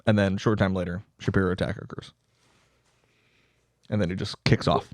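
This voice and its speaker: A man's voice: low-pitched, steady tone, fairly quick, dry recording, clean studio sound. A man hosting a podcast in casual chat, swearing a lot and acting out jokey bits. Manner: profane, jokey, acts out bits in voices. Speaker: podcast host.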